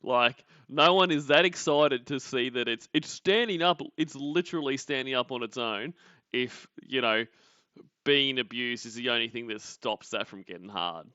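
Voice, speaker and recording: A mocking man with a New Zealand accent hosts a stream, laughing often and greeting viewers between jabs at a played call. His voice is bright and forceful. The audio is dry and a little dull, like a lo-fi home stream. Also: medium pitch, moderate pace, smooth, no room sound. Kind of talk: casual commentary over a played call.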